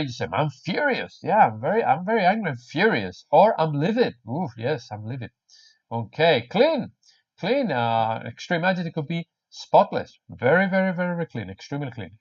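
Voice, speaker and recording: Man, English teacher, lively and jokey with learners, swoopy pitch, dull lo-fi audio. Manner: animated, jokey, repeats words for learners. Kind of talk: online English lesson. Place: home or small room in Spain.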